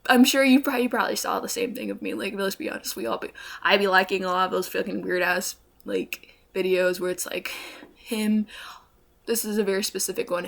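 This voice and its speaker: A woman's voice: medium pitch, gravelly, a bit bright. A young woman vlogging a rambling storytime, full of "like" and "bro" and frequent swearing. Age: young adult. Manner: rambling, swears often, says "like" and "bro" a lot.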